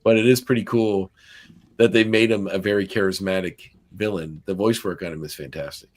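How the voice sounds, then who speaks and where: Low-voiced man with a Nova Scotian accent. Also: fairly even intonation, fairly quick. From Canada. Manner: meandering, many fillers and restarts. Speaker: podcast host. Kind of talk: casual podcast chat.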